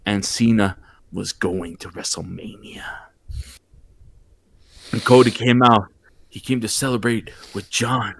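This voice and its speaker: A man's voice: on the low side, measured pace, gravelly, long pauses, husky. A man hosting a casual podcast, telling a story with lots of energy, stumbling and repeating words as he goes. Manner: animated, mimics wrestlers in exaggerated voices, stumbles and repeats words. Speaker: podcast host. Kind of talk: casual podcast chat recapping wrestling.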